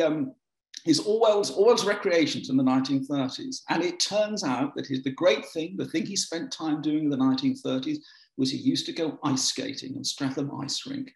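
Gravelly man in an echoey room. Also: mid-range voice. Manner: hesitant, many restarts and ums, dry wry storytelling. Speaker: biographer giving a short talk. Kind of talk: anecdotal lecture talk.

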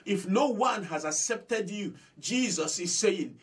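A man's voice: high voice, normal speed, few pauses, distant mic. A man preaching a sermon as pastor. He is fervent, repeats phrases for emphasis and speaks straight to his listeners. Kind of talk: impassioned sermon.

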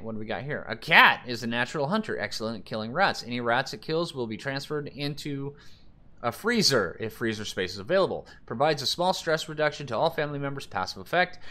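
A man's voice: mid-range voice, lively intonation, a little fast, sharp tone. A man casually commenting on a survival game while picking options and reading the screen text aloud. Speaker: let's play gamer.

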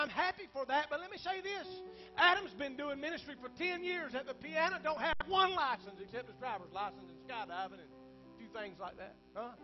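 A middle-aged pastor preaches with a strikingly high voice, his delivery jumping from loud bursts to hushed asides. The recording sounds dull and lo-fi, with faint instrument music underneath. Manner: fervent preaching, swinging between loud bursts and quiet asides, rhetorical "Huh?". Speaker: senior pastor and bishop. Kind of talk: sermon. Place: church sanctuary.

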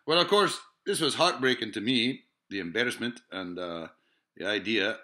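His voice sits on the low side with a sharp tone, lively intonation, and moderate pace. The man rambles profanely in a monologue, hesitating, using lots of fillers, musing off on tangents, and throwing out rhetorical questions.

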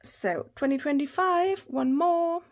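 A woman chatting through an unboxing of planner stationery, gushing with excitement and often dropping to a whisper. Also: high-pitched, slow pace. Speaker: planner vlogger. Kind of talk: casual haul unboxing.

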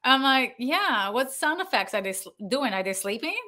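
A woman who works as a Foley artist, guesting on a podcast and telling a story in a lively, laughing way, acting out the voices of the people she quotes. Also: sits high, moderate pace. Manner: animated, acts out quoted dialogue, laughs often. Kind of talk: casual storytelling.

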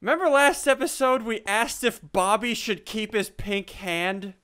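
A man's voice: sits high, a little slow, sharp tone, smooth. A young man hosting a casual gaming video, joking around, stumbling over words and laughing often. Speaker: host.

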